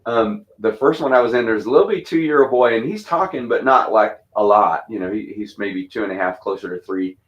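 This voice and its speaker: A pastor in his fifties talks in a relaxed, rambling way, with a light twang. His voice sits low and he circles back through restarts and fillers as he tells stories about church missions. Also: fairly quick, hardly any pauses, dull audio. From Texas.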